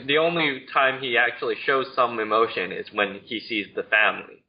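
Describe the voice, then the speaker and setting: A man's voice: medium pitch, steady tone, normal speed, creaky. A man co-hosting a casual movie-review chat, laid-back and agreeable. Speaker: podcast co-host. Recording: dull lo-fi audio with faint noise.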